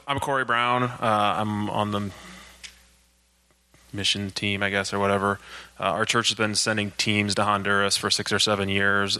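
A man from a church mission team speaking to the congregation in a steady, self-described monotone, with frequent uhs. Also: on the low side. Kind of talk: church talk.

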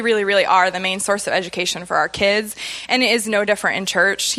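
A woman's voice: medium pitch, sharp tone. A woman leading children's ministry gives chatty church announcements, laughing often and getting emotional. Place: church sanctuary.

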